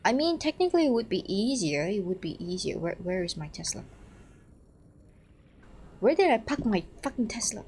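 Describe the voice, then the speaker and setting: Young female streamer, excitable and sweary, casual commentary on a desk mic with a light hiss. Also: mid-range voice, normal speed, long pauses. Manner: excitable, swears, laughs at herself.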